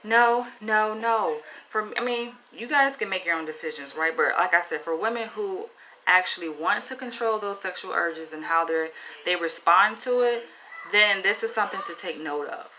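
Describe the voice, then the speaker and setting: Southern woman vlogger, lowish bright voice, blunt and chatty, faint room hum. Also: moderate pace, poor audio. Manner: frank, chatty, asks "right?" often. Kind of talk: casual advice talk to camera.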